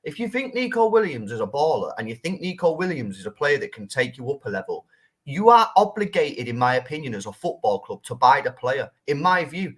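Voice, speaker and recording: Husky, animated male football fan. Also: mid-range voice, fairly quick. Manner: animated, insistent. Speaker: panel guest. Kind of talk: football opinion talk.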